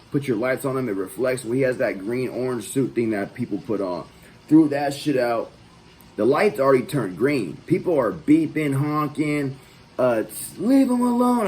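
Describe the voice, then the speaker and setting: A vlog host tells a personal story on his own channel in a loose, profane, conversational style. His mid-range voice is a little mellow, captured in a low-quality recording with slight background noise.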